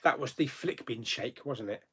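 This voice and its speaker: A man's voice: medium pitch, animated, normal speed, fairly bright tone, a little hiss or hum. A man hosting a casual live chat, reading viewer comments aloud and answering them with frequent laughs. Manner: chatty, laughs often, reads comments aloud then answers. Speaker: YouTube host.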